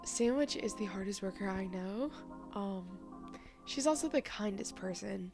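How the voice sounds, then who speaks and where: A woman's voice: medium pitch, lively intonation, unhurried, over music. A young woman giving a heartfelt, teary message to her best friend and co-host, laughing and swearing casually. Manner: emotional, laughing through tears, casual swearing.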